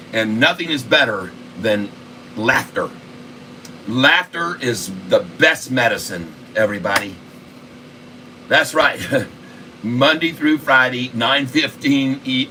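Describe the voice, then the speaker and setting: A jokey man hosts a casual livestream, laughing often as he reads chat aloud. His voice is bright and sits some way from the mic. An air conditioner hums faintly behind. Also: medium pitch, distant mic, slight background noise, rough recording. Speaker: livestream host.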